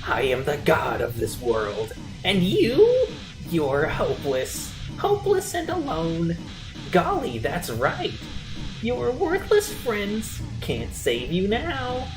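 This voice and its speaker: A woman's voice: huge pitch swings, takes it slowly, reverberant, music in the background, exaggerated voice. A woman voicing a gloating, taunting evil male flower who calls himself a god. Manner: taunting, shrill and manic.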